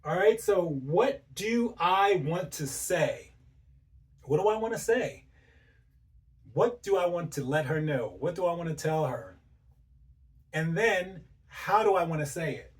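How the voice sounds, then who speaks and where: Man coaching with a higher-pitched voice. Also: lively intonation, a little slow, far from the mic. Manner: repetitive, coaching, asks rhetorical questions. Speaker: relationship coach. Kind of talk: motivational advice talk.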